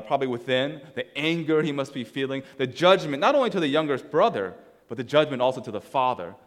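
A man's voice: mid-range voice, big-room sound. A man preaching a sermon in a casual, conversational way, telling a story as he walks through slides. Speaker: pastor.

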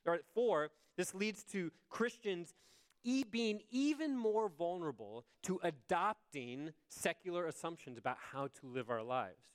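A man gives a sermon in an easygoing, conversational manner, often pausing to check in with the congregation. His voice sits a little high for a man and sounds smooth and clear. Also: lively intonation. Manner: conversational, asks the congregation "right?". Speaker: pastor.

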